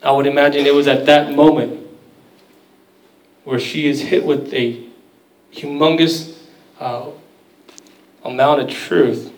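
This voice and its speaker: A man's voice: mid-range voice, slight background noise. Storytelling preacher man, echoey and distant. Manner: conversational storytelling preacher, dramatic quoted voices. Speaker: pastor. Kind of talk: sermon.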